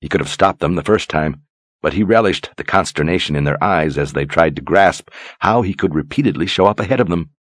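A man narrating a fantasy audiobook in a measured, dramatic way. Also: low-pitched, lively intonation, dry recording. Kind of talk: scripted narration.

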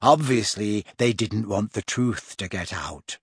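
A man's voice: on the low side, a little slow, breathy edge, no room sound, clean studio sound, voice pushed down. A man voicing a dreamy, odd teenage schoolgirl who speaks matter-of-factly.

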